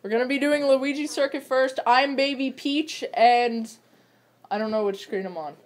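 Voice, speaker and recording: A teenage girl hosting a casual racing-game video, chattering excitedly and shrieking at wins and crashes. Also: sits high, moderate pace. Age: teens. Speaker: gamer host. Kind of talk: casual gameplay commentary.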